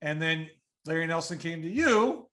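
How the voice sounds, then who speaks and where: A man with a fairly high voice hosts a casual interview. He asks halting questions that trail off and restart. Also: lively intonation, fairly bright tone.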